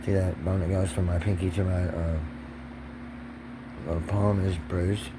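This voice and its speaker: Low-pitched man, rambling and profane, pressured speech with heated swings, audible background noise. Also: flat delivery, moderate pace. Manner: rambling, drops to whispers then rises to agitated shouting. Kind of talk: rambling monologue vlog.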